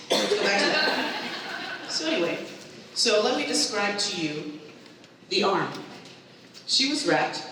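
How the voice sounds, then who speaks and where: A woman performing an animated stand-up routine, acting out her family as she tells the story. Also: mid-range voice, noisy background. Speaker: stand-up comedian. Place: live comedy show with a crowd. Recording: echoey hall from far off.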